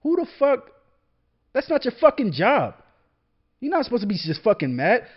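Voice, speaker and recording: A young man holds forth alone in a casual monologue, his voice high and swinging widely in pitch. He swears freely and trips over repeated words as he gets fired up. The recording is dull and lo-fi. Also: wildly swooping pitch, moderate pace, husky. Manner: heated, profane, repeats words when worked up. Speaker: podcast host, military veteran. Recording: dull lo-fi sound.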